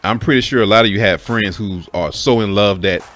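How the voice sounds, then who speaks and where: Speaking a little fast with a fairly bright tone, a man with a very low voice casually recounts a personal story. He's candid and loose, cursing freely and addressing his audience as folks, over faint background music.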